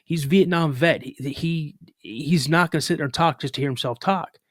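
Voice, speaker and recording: A man who is a podcast guest, telling a story casually with lively retelling, filler words and restarts. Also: fairly high pitch, moderate pace, dry recording, studio quality.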